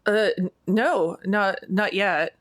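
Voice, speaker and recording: A woman player in a tabletop role-play game, speaking in a hesitant, halting way. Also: mid-range voice, a bit bright, no room sound, clean studio sound.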